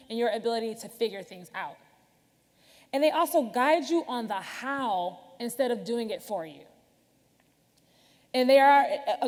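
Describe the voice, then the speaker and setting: A woman's voice: on the high side, darkish tone. A woman giving a conference keynote, talking candidly and chattily straight to the audience. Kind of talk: conversational keynote talk. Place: large conference hall. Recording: reverberant hall.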